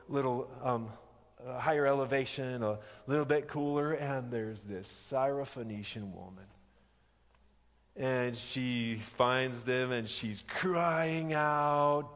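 Animated male preacher in a reverberant hall. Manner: animated storytelling, acting out quoted lines with rising pitch; frequent restarts, slows down for emphasis. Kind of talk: sermon. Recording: long reverb of a large hall.

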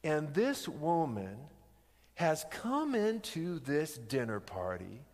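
Guy preaching a sermon, kinda high voice, lively storytelling with lots of restarts, big hall echo. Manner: animated storytelling, acting out quoted lines with rising pitch; frequent restarts, slows down for emphasis. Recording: long reverb of a large hall.

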